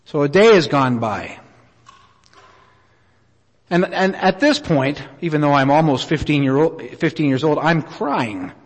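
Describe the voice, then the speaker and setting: A middle-aged man preaching a sermon, telling a personal story in an earnest, unhurried way with many pauses. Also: on the high side, animated. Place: church auditorium. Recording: reverberant hall.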